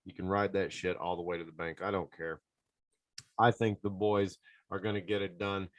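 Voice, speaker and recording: A man hosting a podcast, giving sports betting picks in an excitable, casual way and talking straight to his listeners. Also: sits low, moderate pace, no room sound, studio quality. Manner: excitable, talks to listeners directly. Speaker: podcast host.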